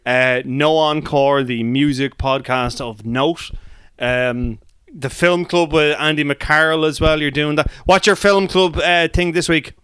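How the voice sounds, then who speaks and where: A man hosting a relaxed podcast chat, his voice smooth and resonant. He swears freely, laughs easily and stumbles over quick restarts. The sound is close and dry, with no room around it. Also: on the high side, dry recording. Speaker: podcast host. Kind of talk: casual chat.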